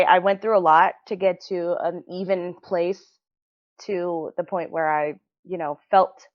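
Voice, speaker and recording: A woman guest on a podcast, sharing a personal story in an earnest, heartfelt, reflective way. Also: on the low side. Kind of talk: personal story in casual interview. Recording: dull lo-fi sound.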